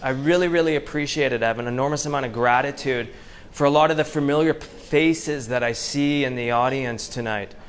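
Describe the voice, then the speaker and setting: A Canadian man giving an inspirational talk to a live audience, telling stories with slow, dramatic pauses. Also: medium pitch, a little hiss or hum. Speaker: motivational speaker. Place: event venue before a live audience.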